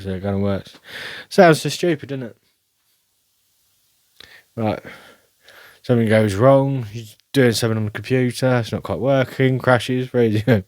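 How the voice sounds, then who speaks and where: A man with a lowish voice talks slowly through a rambling solo chat. He mocks himself and laughs a lot, and the sound is dry and close. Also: no room sound. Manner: rambling, self-mocking, laughs often. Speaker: podcast host. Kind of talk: casual solo monologue.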